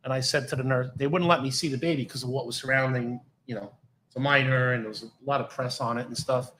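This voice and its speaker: A man's voice: medium pitch, fast talker, reverberant, slight background noise, low-quality recording. A middle-aged man, a former police officer, telling blunt, profane stories in casual podcast talk. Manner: blunt, heavy swearing, animated retelling. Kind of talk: casual storytelling.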